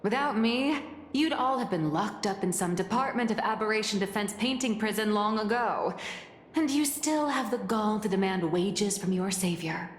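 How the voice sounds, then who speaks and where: A woman's voice: mid-range voice, lively intonation, moderate pace, natural voice. A woman playing a smug boastful editor. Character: smug self-important woman magazine founder. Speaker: editor-in-chief. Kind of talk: video game voice acting. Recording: roomy reverb with game music.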